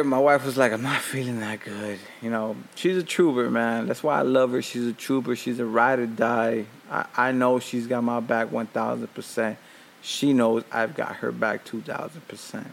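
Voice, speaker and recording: A man hosting a show, telling a comic story about his week in an animated, profane way and laughing at his own jokes. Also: mid-range voice, gravelly. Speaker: host.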